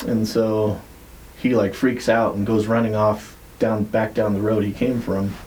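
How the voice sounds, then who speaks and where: A man on a podcast telling a story in a casual, rambling way, swearing freely and filling pauses with "like" and "uh". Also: on the low side, flat delivery, darkish tone, slight background noise, low-quality recording. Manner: rambling, profane, many fillers. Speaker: podcast co-host.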